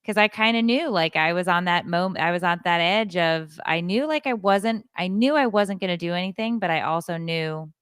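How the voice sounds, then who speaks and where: A middle-aged woman co-hosting a casual chat, telling animated stories and acting out the people she quotes. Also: on the low side, normal speed, few pauses, smooth, dry recording, clean studio sound. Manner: animated storyteller, acts out quoted voices. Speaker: podcast co-host.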